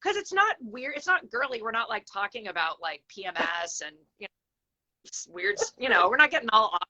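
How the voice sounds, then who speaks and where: Lively woman guest on a phone call. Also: on the high side, moderate pace. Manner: animated, laughing, talks in quoted asides. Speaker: guest, church history teacher. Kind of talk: casual video chat.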